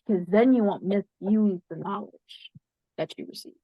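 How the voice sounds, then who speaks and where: A woman's voice: medium pitch, moderate pace, no room sound. A woman guest in an interview, earnestly recounting a spiritual experience and repeating phrases for emphasis. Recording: dry, slightly muffled sound.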